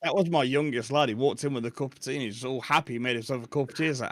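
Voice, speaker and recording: A man's voice: medium pitch, fast, no room sound, studio quality. A man in his forties, chatting casually and laughing often as a podcast guest. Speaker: guest streamer.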